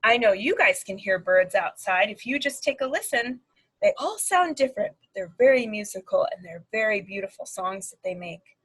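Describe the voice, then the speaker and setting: A woman's voice: medium pitch, normal speed, breathy edge, low-quality recording. Sing-song woman reading to preschoolers. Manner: animated, sing-song storytelling with animal sounds. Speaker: speech-language pathologist. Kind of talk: reading a picture book aloud to preschoolers. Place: at home.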